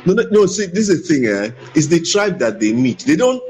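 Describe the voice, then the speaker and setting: A man's voice: on the high side, sing-song, brisk, a little mellow, poor audio. A man, a guest in an interview, talking emphatically and repeating his points for stress. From Nigeria. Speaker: voice acting guest. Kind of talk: conversational interview.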